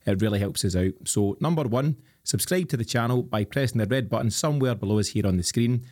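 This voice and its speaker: A Scottish man hosting a podcast, presenting in an upbeat, brisk way and teasing his co-hosts. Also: mid-range voice, a little mellow. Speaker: podcast host. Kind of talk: casual podcast chat.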